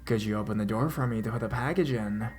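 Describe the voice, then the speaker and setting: A man voicing a sinister, grinning male intruder in his thirties or forties, asking calmly and pushily in a plain voice. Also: on the low side, quick pace, faint music behind, natural voice.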